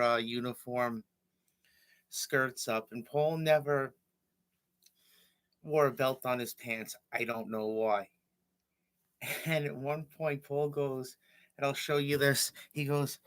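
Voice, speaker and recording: A man, telling stories on his livestream in a rambling, halting way. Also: mid-range voice, a bit bright, smooth. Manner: rambling, halting, with fillers and self-corrections. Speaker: livestream host. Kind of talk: casual storytelling.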